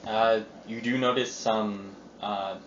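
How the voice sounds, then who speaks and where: Low-voiced male dungeon master, hesitant and casual; roomy, muffled phone audio with heavy hiss. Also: steady tone, fairly bright tone. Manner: halting, full of fillers. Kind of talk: casual tabletop game narration. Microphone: phone on the table. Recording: noisy lo-fi phone recording.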